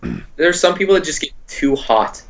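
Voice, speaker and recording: A man's voice: fairly high pitch, lively intonation, fairly quick, crowd noise. A young man co-hosting a comedy podcast, telling rambling stories full of swearing and filler words. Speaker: podcast co-host. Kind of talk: casual chat.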